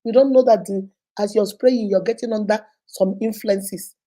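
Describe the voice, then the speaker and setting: A woman's voice: mid-range voice, normal speed. A woman with a Nigerian accent who hosts her own vlog, telling a story and giving advice to her viewers, and acting out the characters' lines with energy. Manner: animated, acts out every character's lines; speaks straight to the viewers with warnings. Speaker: host.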